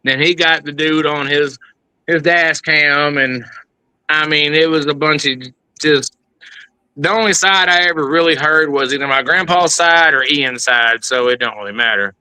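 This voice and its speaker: A man's voice: a little high, normal speed, pushed and bright, clean tone, no room sound, low-quality recording. A man in his thirties talking heatedly and profanely in casual chat, rambling as he gets worked up. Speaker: guest.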